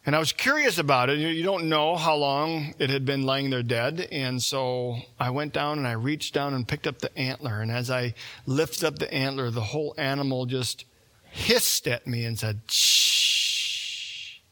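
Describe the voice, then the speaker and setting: A man's voice: mid-range voice, moderate pace, fairly bright tone. A man preaching a sermon in a conversational storytelling way, acting out the voices of the people in the story. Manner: conversational, acts out quoted voices.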